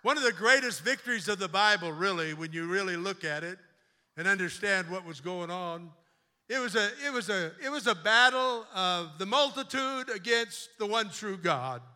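A man preaching a sermon as a bishop, moving from quiet storytelling to loud, fervent exhortation in a church sanctuary. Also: high voice, lively intonation, normal speed. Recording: long church reverb.

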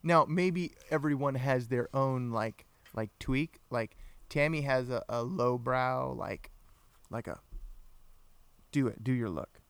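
A man's voice: mid-range voice, slow, creaky, clear, resonant tone, no echo. A man co-hosting a casual live podcast, joking, laughing often and reading out viewer comments. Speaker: podcast co-host. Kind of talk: casual live-stream chat.

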